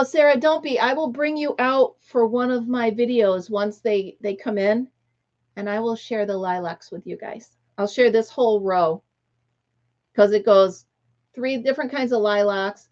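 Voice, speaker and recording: A woman's voice: mid-range voice, dull audio. Chatty middle-aged woman hosting a stream. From United States. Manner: chatty, laughs often, greets viewers by name. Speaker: livestream host. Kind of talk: casual chat.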